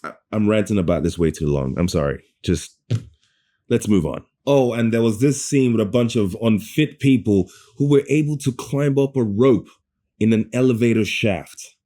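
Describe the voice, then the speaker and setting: A man giving a ranting, sarcastic movie review, animated and swearing, often stumbling and restarting mid-sentence. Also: lowish voice, normal speed. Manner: sarcastic, animated rant with profanity.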